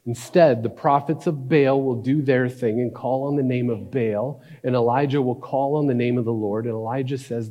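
A man preaching a sermon, telling a story with dramatic shifts between loud and hushed delivery. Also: mid-range voice, fairly even intonation, moderate pace, hardly any pauses, lo-fi sound. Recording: reverberant hall.

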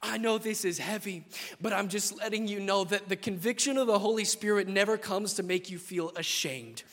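A young man preaching a sermon, impassioned, swinging between loud declarations and hushed asides, in a large church. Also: high-pitched, normal speed. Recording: long hall reverb.

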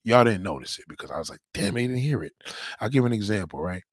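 Loud ranting man on a livestream. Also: lowish voice, expressive, fast, no echo, studio quality. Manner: loud, rambling, repeats catchphrases, heavy swearing. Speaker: livestream host. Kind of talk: profane livestream rant.

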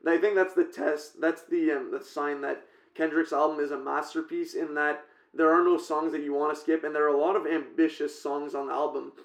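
Flat-voiced young man in an echoey room. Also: a little high, gravelly. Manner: relaxed, rambling, with "um" and "like". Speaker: podcast co-host. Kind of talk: casual music chat. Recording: roomy echo.

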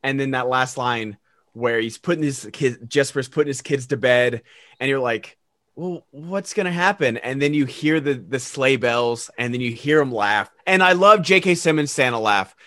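A man's voice: mid-range voice, normal speed, a bit bright, no echo, clean studio sound. A man co-hosting a podcast, gushing enthusiastically in casual movie chat over a remote call and acting out quoted lines. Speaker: podcast co-host.

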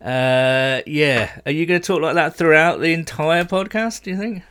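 A man hosting a podcast, chatting casually and filling pauses with "um" and "uh". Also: on the high side, clean tone. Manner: relaxed, chatty, frequent fillers. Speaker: podcast host.

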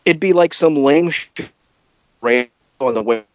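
A man's voice: a little high, measured pace, no echo, muffled recording. A man in his thirties, a podcast guest, rambles through casual stories and swears freely while mocking himself. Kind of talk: casual storytelling chat.

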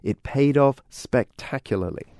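A man's voice: medium pitch, unhurried, dark tone, no echo. A middle-aged man from the UK with a British accent, hosting a radio podcast and narrating a feature with a wry, chuckling manner. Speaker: podcast host and language editor. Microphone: studio mic.

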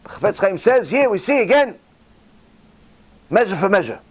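Man, 40s, religious storyteller, animated, acts out dialogue, fairly high-pitched. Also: normal speed, husky. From Israel. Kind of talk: storytelling Torah talk.

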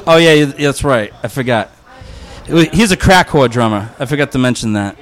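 A man's voice: mid-range voice, animated, brisk. A man hosting a podcast in casual chat, crude and joking, swearing a lot. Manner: crude, joking, heavy swearing, frequent laughs. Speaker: podcast host.

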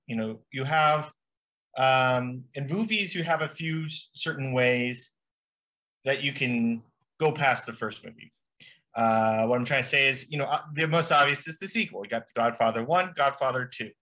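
A young man with a bright, sharp-edged voice co-hosts a comedy podcast, lecturing on made-up nonsense as though he were an authority. He rambles through fillers and restarts. His pitch sits in an ordinary, middling range. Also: normal speed. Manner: faux-expert, rambling with fillers. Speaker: podcast co-host. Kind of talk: improvised comedy podcast chat.

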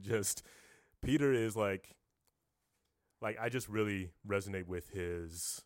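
A man co-hosting a podcast in casual chat, animated and laughing easily as he reflects on scripture. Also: on the low side, a little slow, pauses often, dry recording, studio quality. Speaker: podcast co-host.

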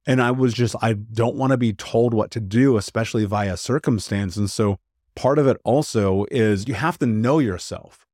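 Male podcast guest, low voice, frank animated storyteller, dry close mic. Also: normal speed, no echo. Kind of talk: candid storytelling.

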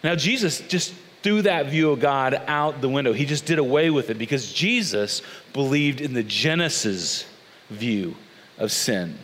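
A man preaching a sermon as a pastor, telling the story in a conversational, animated way with casual asides. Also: mid-range voice, a little slow. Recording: long reverb of a large hall.

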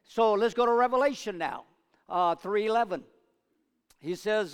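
A man's voice: moderate pace, pauses often, smooth. Preacher man with a resonant voice. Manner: dramatic swings between loud urging and low asides; call-and-response with congregation. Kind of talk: sermon. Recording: long reverb of a large hall.

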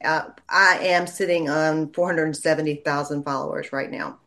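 A woman, a lawyer chatting in an interview and telling stories in a lively way. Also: low voice, normal speed. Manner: chatty storyteller, animated when quoting people. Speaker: lawyer and legal commentator. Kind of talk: casual interview chat.

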